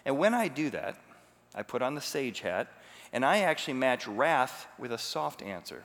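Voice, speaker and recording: A man's voice: mid-range voice, big pitch swings, moderate pace, a bit bright. A man preaching a sermon as a pastor, teaching emphatically and asking rhetorical questions. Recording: long hall reverb.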